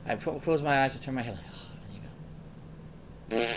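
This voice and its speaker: A man's voice: high-pitched, big pitch swings, fast, long pauses, a bit bright. A man casually telling profane, rambling stories to his viewers as a gaming show host, acting out his friends' voices as he goes.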